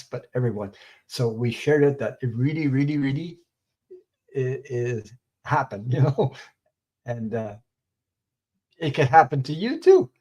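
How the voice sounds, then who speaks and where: A man's voice: medium pitch, a little mellow. A man co-hosting a psychic livestream, talking casually over a video call and rambling with repeated words.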